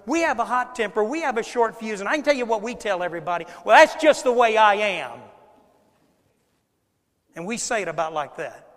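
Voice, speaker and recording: A man with a high voice delivers a sermon in a church, his words trailing off in a long hall reverb. He is conversational and emphatic, repeating phrases and turning straight to the congregation. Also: a bit bright. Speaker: preacher.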